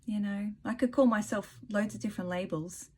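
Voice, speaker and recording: Woman vlogger, mid-height voice, gentle rambling delivery with frequent laughs. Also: medium pitch, a little fast, slight background noise. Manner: soft-spoken, rambling, laughs often. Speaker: spiritual vlogger. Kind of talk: casual spiritual talk and reading.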